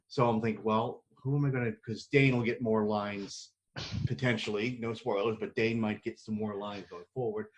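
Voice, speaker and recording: A man co-hosting a book podcast who reads passages and chats in a relaxed, self-deprecating way. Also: fairly low pitch, normal speed. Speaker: podcast co-host and reader. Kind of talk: book reading and casual chat.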